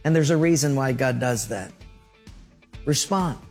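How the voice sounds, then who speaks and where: A man's voice: mid-range voice, measured pace, gravelly, soft background music. A man preaching a sermon, telling stories and acting out short voices and sound effects. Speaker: pastor.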